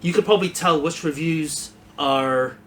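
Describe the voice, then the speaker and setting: A man's voice: a little high, normal speed, fairly bright tone, a little hiss or hum. A man hosting a casual, unscripted whisky review, rambling and blunt, swearing freely.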